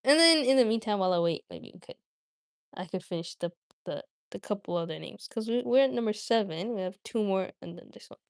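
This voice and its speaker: A woman's voice: medium pitch, animated, fairly quick, vocal fry, no room sound, studio quality. A woman hosting a livestream, talking casually and giggling as she chats straight to her viewers. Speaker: livestream host.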